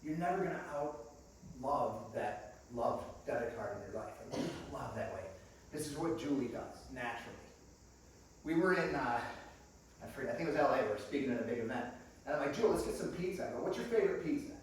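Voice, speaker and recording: A man giving a sermon in a small church, telling stories and acting out the voices, swinging from quiet to loud. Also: medium pitch, a little fast, a little hiss or hum. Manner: storytelling, acts out dialogue, swings from quiet to loud. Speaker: guest preacher. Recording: echoey church room, mic at a distance.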